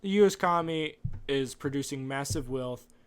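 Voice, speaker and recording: A man's voice: mid-range voice, normal speed, clean tone. A man hosting a podcast, rambling off script through an opinionated casual monologue. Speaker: podcast host.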